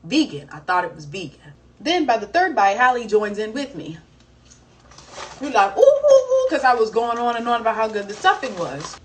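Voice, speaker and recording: Animated Southern woman telling a story. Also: fairly high pitch, brisk. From American South. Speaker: singer on a livestream. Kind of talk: casual storytelling chat. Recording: distant mic, faint background noise.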